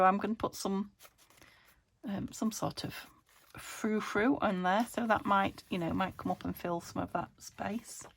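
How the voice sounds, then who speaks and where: A British woman hosting a craft channel, chatting casually as she works, talking to her materials with murmured asides and a slightly croaky voice. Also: medium pitch, lively intonation, normal speed. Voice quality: a bit croaky. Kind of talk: casual chat while crafting.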